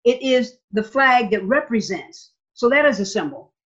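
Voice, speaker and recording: Speaking at a moderate pace, a woman legislator from Nevada tells an interview story in a slightly high, somewhat bright voice that swings widely in pitch. She stresses her points, repeats words, and checks in with "okay?". Recording quality is slightly dull lo-fi.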